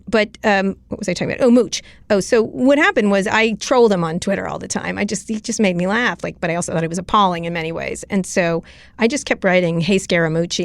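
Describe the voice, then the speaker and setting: A middle-aged woman as an interview guest, telling stories in a blunt, rapid manner with swearing. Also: on the low side, gravelly, dry recording. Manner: blunt, rapid storytelling with profanity. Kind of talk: casual interview talk.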